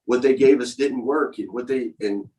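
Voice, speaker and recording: A man's voice: medium pitch, moderate pace, warm tone, low-quality recording. A man hosting a conversational show, speaking reflectively and searching for his words as he talks. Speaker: host. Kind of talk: casual conversation.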